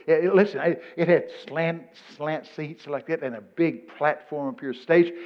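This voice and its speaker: A man from Texas with a Texan accent, telling a humorous story to a live audience. He swings from mumbled asides to loud exclamations. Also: fairly high pitch, moderate pace, muffled recording. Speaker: speaker addressing an audience.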